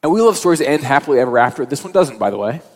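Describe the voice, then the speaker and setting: A man's voice: mid-range voice, sing-song, very fast. Man preaching in an echoing hall. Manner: conversational, storytelling preaching. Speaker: pastor. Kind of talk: sermon.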